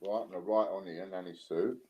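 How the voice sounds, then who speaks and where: A British man hosting a casual live stream, relaxed as he counts down bids. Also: low-pitched, fast, lo-fi sound, slight background noise. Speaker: live stream host running coin auctions.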